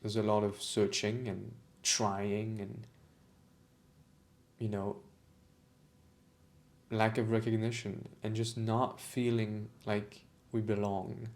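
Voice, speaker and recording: A man's voice: lowish voice, flat delivery, slow, long pauses, darkish tone. A man talking reflectively to camera about his own experience, with frequent restarts, repeated phrases and moments of emotion. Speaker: vlogger on autistic culture. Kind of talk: reflective personal monologue.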